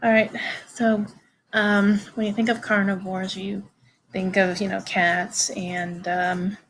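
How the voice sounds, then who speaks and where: A woman lectures on biology at an unhurried, deliberate pace, filling pauses with frequent "um"s and "uh"s. She talks to her students casually and directly. A faint hiss of noise sits under her voice. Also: medium pitch, flat delivery. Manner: halting, many fillers and restarts; informal, addresses students directly. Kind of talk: recorded classroom lecture.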